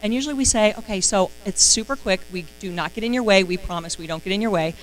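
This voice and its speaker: A woman giving a casual, chatty sales training talk, excitable and full of fillers. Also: mid-range voice, fast talker, slight background noise, poor audio.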